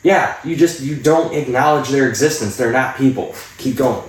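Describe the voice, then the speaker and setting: A man's voice: mid-range voice, normal speed. Man, blunt profane storyteller, casual podcast talk, echoey room, distant mic. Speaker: podcast co-host.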